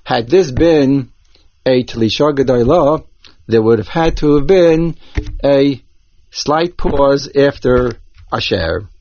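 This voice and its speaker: A man teaches Torah cantillation in a careful, step-by-step way, taking his time over each point. His voice sits at a middle pitch. The recording is dull and lo-fi, and dry with no room sound. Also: a little mellow, dry recording. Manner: slow, methodical, careful step-by-step explaining. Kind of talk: instructional explanation with chanted examples.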